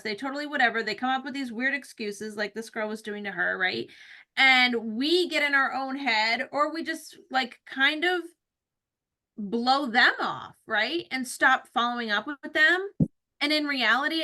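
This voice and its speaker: A woman's voice: high-pitched, moderate pace, pushed and bright. A woman hosting a team call, giving an emphatic motivational talk and often asking "right?". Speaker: host leading a team call.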